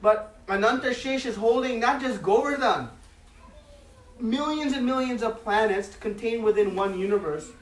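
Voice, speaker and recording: Recorded from afar in a reverberant hall, this religious class features a man with a very high voice speaking at normal speed. He tells a holy story with expression, his delivery full of filler words.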